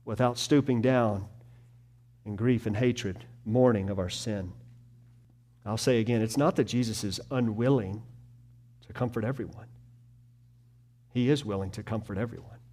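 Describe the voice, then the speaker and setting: A pastor preaching a sermon, moving between slow, hushed tender passages and loud emphatic stretches. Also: male voice, medium pitch.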